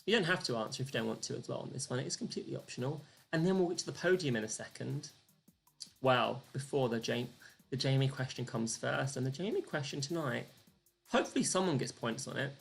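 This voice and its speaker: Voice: medium pitch, expressive, quick pace, gravelly, soft background music. A live-streamed quiz host, chatty and self-deprecating, counting down the clock and reading out the answers and the leaderboard.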